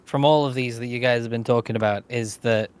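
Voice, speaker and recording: A man's voice: mid-range voice, fairly even intonation, a little fast, clean tone. A young man guesting on a casual stream, playful and sarcastic, laughing often. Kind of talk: casual livestream chat.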